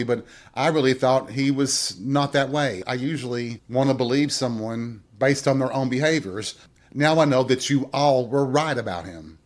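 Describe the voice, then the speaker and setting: A man hosts his own show and tells a personal story straight to his listeners. His voice sits at a middle pitch, neither high nor low. He talks candidly, with wry humor and plenty of swearing. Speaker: podcast host.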